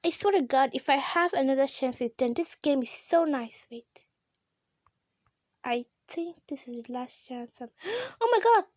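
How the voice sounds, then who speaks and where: High, slow-talking excitable woman gamer. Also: no echo. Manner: excitable, gasping and shrieking at close calls. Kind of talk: casual gameplay commentary.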